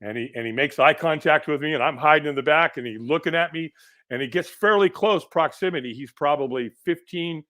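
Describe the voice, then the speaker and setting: A middle-aged man, a podcast guest, telling a personal story in an animated way and acting out the people in it. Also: fairly high pitch, brisk. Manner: animated storyteller who acts out quoted voices.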